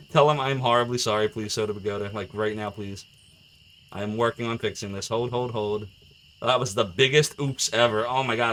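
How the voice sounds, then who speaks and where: Chatty, excitable male game streamer. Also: mid-range voice, smooth. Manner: chatty and excitable, laughs often, gets flustered. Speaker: live streamer. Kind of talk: casual game stream commentary.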